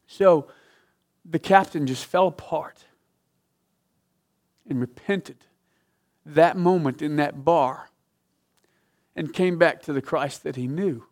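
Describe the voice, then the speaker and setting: A man preaching a sermon, telling a story with dramatic swings from loud emphatic peaks to hushed, low passages. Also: slow pace, pauses often.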